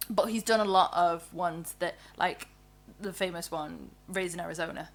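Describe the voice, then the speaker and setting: A woman, co-hosting a podcast in casual, animated chat, speaking in quick bursts with frequent laughs and restarts. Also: lowish voice. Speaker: podcast co-host.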